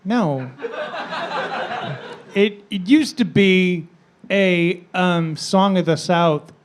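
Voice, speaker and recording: A man's voice: sits high, very slow, background noise. A man co-hosting a comedy podcast, bantering and stubbornly teasing in casual chat. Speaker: podcast co-host.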